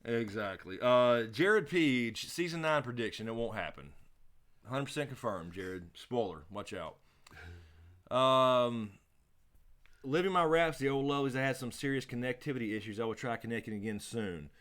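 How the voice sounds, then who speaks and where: A man's voice: mid-range voice, expressive, normal speed, a bit bright. A man co-hosting a casual live question-and-answer stream, laid-back, laughing often and swearing freely. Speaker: livestream co-host.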